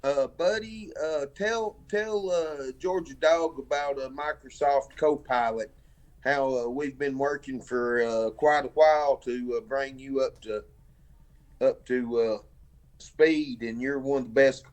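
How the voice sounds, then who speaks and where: A man who calls into a podcast and talks casually, stopping and restarting often with many fillers. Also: mid-range voice. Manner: halting, full of fillers and restarts. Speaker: caller. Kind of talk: casual chat. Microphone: phone.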